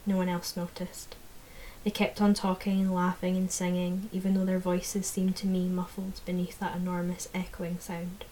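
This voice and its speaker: A woman narrating a fantasy audiobook in the first person, in a measured, low-key way. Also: completely flat delivery, warm tone, slight background noise, low-quality recording.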